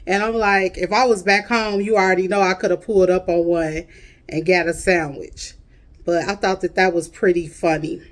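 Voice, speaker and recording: A woman's voice: lowish voice, fairly even intonation, moderate pace. A woman with a Chicago accent chatting casually with her viewers, drawling her words in a friendly, talkative way. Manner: drawling, chatty, addresses viewers as y'all and honey. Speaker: vlogger.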